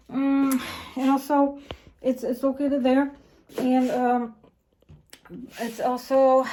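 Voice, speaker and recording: A woman rambling through a casual vlog monologue, halting and restarting often, repeating phrases, and acting out her own lines in a higher voice. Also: dark tone, a little hiss or hum, low-quality recording. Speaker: vlogger.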